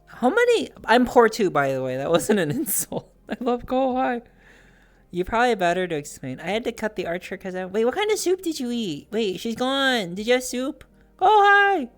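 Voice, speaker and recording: Bubbly woman streamer with a lively voice. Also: moderate pace, soft background music. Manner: bubbly, jumps between soft murmurs and high squeals. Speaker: live streamer. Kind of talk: casual live-stream chat with viewers.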